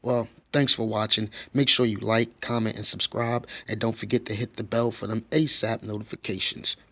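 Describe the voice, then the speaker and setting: A man hosting an online video, giving scripted commentary in a measured, plain delivery. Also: on the low side, level tone, a bit bright, no room sound. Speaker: channel host.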